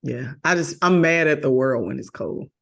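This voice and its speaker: A woman co-hosting a podcast, chatting casually in an animated way and quick to laugh. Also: extremely low pitch, creaky. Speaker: podcast co-host. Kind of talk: casual chat.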